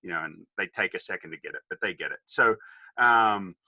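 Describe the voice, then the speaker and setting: Bright-voiced joking Australian man. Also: sits low, brisk, no echo. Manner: joking, wisecracking, animated anecdotes. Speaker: guest. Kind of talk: humorous storytelling interview.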